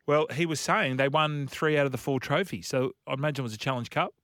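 A man's voice: on the high side, quick pace, dry recording, studio quality. A man co-hosting a radio show, telling stories with lots of laughter and teasing his guest. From Australia. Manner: animated storyteller, laughs a lot, teasing. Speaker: radio co-host. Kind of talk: casual radio chat.

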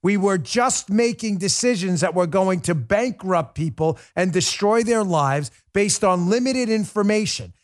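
A man's voice: high-pitched, no echo, studio quality. Fervent man hosting a talk show. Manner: fervent, with repeated rhetorical questions; addresses listeners as folks. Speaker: political talk show host. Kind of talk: opinion monologue to listeners.

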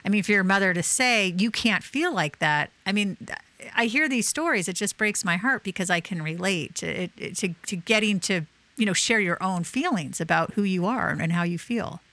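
A woman in her fifties with a bright, crisp tone, hosting an easygoing interview conversation. She is chatty and quick to share her own experiences, and her voice sounds close and dry. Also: mid-range voice, no room sound.

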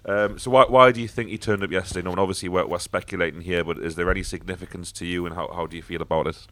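A man's voice: low voice, fairly even intonation, very fast, pushed and bright. A man hosting a casual football podcast, talking bluntly with swearing and frequent fillers. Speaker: podcast host.

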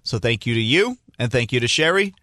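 A man's voice: mid-range voice, big pitch swings, brisk, sharp tone, no room sound, studio quality. A man on a sports radio show explaining things in a rambling, good-natured way. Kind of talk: casual sports radio banter.

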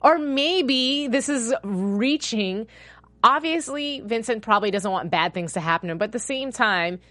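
A woman co-hosting a casual chat about a TV show, animated and self-deprecating, often trailing off and restarting. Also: fairly high pitch, normal speed, no echo. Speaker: podcast co-host.

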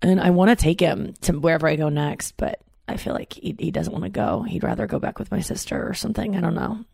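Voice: mid-range voice, quick pace, creaky, a little mellow, slightly rough, no echo, clean studio sound. A vlogger in their thirties, chatting casually in a rambling, profane, self-interrupting way. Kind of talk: casual solo chat.

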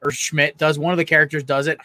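A man co-hosting a sports podcast, telling rambling, excitable stories. His voice is a touch high and very bright. The sound is dry, with no room around it. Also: fast, dry recording. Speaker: podcast co-host. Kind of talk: casual sports chat.

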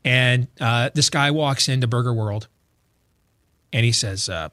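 A man's voice: medium pitch, a little slow, pauses often. A man hosting a talk show, telling stories with lots of stammers and restarts in casual banter. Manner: animated storyteller, stammers and restarts.

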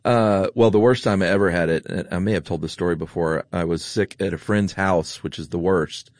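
A man's voice: deep voice, fairly quick, no echo. A man co-hosting a podcast in casual chat, joking and telling rambling personal stories. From Atlanta area, US. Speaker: podcast co-host.

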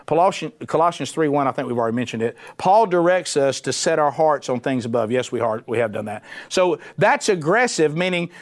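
A middle-aged man, a former radio host, preaching a sermon in an animated, conversational way with punchy repetition. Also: on the high side.

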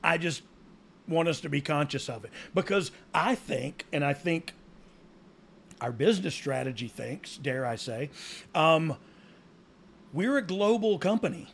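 A man with a drawl talks in loose, rambling podcast chat, often restarting his sentences and running himself down. His voice sits fairly high and has a gravelly, fried edge. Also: lively intonation, measured pace, pauses often, a little hiss or hum. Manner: rambling, self-deprecating, drawling, frequent restarts. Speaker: podcast co-host, former wrestling insider. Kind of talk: casual chat.

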